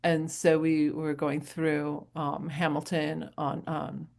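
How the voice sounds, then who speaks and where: A middle-aged woman from New Hampshire, giving a casual motivational talk as a coach, chatty and rambling and quick to laugh. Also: deep voice, level tone, gravelly, darkish tone. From New Hampshire, USA.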